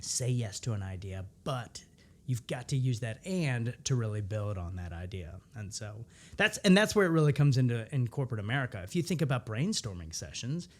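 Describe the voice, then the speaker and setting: A man in his thirties, an improviser, telling stories in a casual interview and acting out quoted lines in a higher voice. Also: fairly quick. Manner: animated storyteller, acts out quotes in a higher voice. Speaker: improviser guest.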